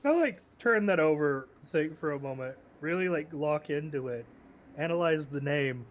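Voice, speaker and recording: A man's voice: on the high side, expressive, normal speed. A man playing a tabletop game, talking loosely with lots of fillers and casual swearing. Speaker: player.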